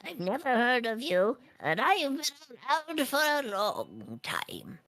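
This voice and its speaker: A game master voicing a frail, senile old woman in her eighties who talks in a slow, quavering, sweetly condescending way. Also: medium pitch, huge pitch swings, a bit bright, voice pushed up, full character voice. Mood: sweetly puzzled. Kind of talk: tabletop role-play voice.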